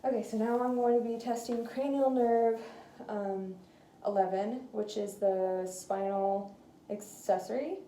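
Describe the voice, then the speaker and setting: Her voice is a little high and mellow, with fairly even intonation and an unhurried pace. A student doing a clinical neuro exam, she's slightly out of breath and talks through it hesitantly with many fillers, recorded in an echoey room with faint noise.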